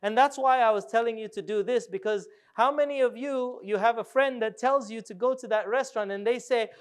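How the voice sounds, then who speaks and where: Brief: high-pitched male speaker, animated and playful, works the room. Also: fairly quick, hardly any pauses, smooth. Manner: animated, jokey, asks the audience questions. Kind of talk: live workshop talk.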